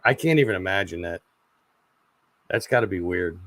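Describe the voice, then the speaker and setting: A man in his forties hosting a casual livestream chat, rambling and halting with lots of fillers and repeated words. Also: deep voice, animated, fairly bright tone, no room sound. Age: 40s. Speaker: channel host.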